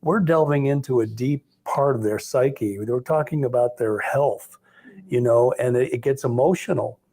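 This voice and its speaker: A calm man with a dark, mellow voice, talking in a relaxed and even-keeled way. He sounds unhurried and steady, never pushy, with a middle pitch. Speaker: experienced sales agent. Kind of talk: casual chat.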